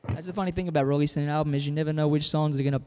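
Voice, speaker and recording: A man's voice: fairly high pitch, very fast, clean tone, long reverb tail. A man from Australia whose accent carries a slight Southern US drawl, chatting casually and reading out comments as he hosts a live guitar show from home. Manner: relaxed, chatty, reads out viewer comments. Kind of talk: casual livestream chat between songs.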